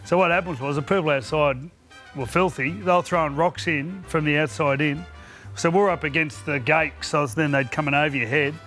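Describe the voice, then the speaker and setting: A man's voice: fairly high pitch, moderate pace, a bit bright, faint music behind. A middle-aged Australian man telling rowdy anecdotes in casual chat, laughing as he goes. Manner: laughs through his anecdotes. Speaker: podcast co-host, former player. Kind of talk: casual storytelling.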